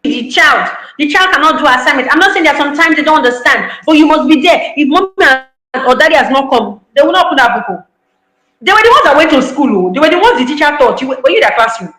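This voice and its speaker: A woman's voice: high-pitched, animated, quick pace, bright, forceful tone, echoey room, poor audio. A woman giving an online parenting talk, emphatic, repeating key lines and acting out parents' voices. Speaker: parenting speaker.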